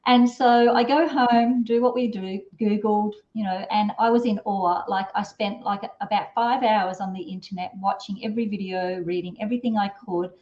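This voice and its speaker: A woman's voice: mid-range voice, steady tone, normal speed, few pauses, a little mellow, reverberant, lo-fi sound. A middle-aged woman telling a long personal story as an interview guest, chatty and rambling, with many fillers and restarts. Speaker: parenting strategist guest.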